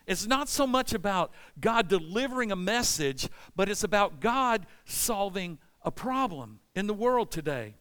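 A middle-aged man preaching a sermon as pastor, animated and voicing anguished prayers to God. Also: sits high, a little slow, hardly any pauses, clean tone.

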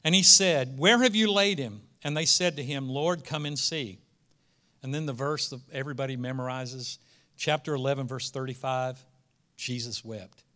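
A man's voice: medium pitch, pushed and bright. A male preacher, reading scripture aloud and breaking into casual asides that build to emphatic peaks. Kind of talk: sermon.

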